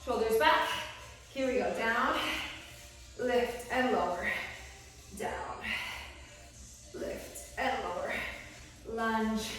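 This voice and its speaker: A woman's voice: fairly high pitch, drawn-out words, pauses often, a bit bright. A woman fitness instructor calling short, encouraging exercise cues and counting down reps, out of breath as she works out along with the class. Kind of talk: workout class cueing. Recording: very echoey room, voice from far off. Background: faint music.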